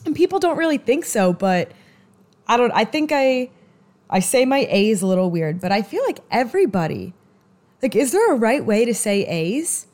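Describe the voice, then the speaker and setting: A podcast host, a woman with a New York accent, chats on her own in a loose, rambling way, often restarting her sentences. Her pitch swings widely up and down as she gets animated. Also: normal speed. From US East Coast. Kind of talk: casual solo podcast chat.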